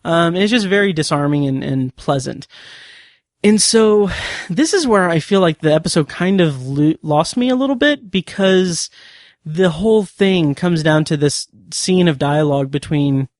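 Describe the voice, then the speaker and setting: Guy rambling through a tv episode recap, kinda high voice, dead dry mic. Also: expressive, normal speed, no room sound. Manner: rambling, many fillers and restarts, chuckles. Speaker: podcast host reviewing a TV episode. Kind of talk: casual solo review.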